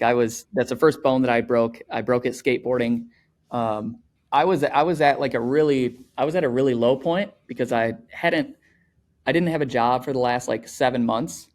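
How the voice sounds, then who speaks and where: A man's voice: mid-range voice, darkish tone. Chatty young man telling a story. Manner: rambling, with many fillers of "like" and "you know". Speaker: podcast guest. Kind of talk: casual conversational storytelling.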